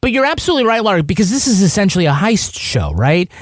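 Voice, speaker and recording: A man's voice: high voice, sing-song, fast talker, dry recording, clean studio sound. A man hosting a podcast in casual chat, joking and swearing freely. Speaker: podcast host.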